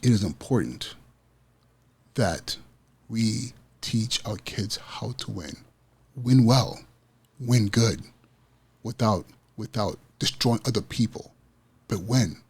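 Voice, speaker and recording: A man's voice: on the low side, lively intonation, slow pace, pauses often, a little mellow, breathy edge. A man hosting an education podcast, talking with passion and emphatic repetition about teaching kids to win. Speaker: podcast host, school principal. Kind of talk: motivational podcast monologue.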